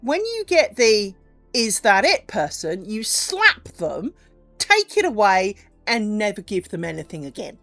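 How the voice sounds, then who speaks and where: A middle-aged woman, chatting casually with viewers during a crafts stream, animated and profane, acting out little conversations. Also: medium pitch, a little slow, faint music behind. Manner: chatty and animated, swears freely, acts out little dialogues. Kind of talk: casual chat with live viewers while crafting.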